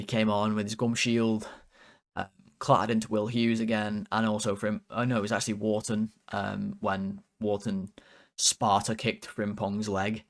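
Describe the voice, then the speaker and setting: A man's voice: lowish voice, vocal fry. A man hosting a fan channel, rating players in a casual, rambling, exasperated way with lots of fillers.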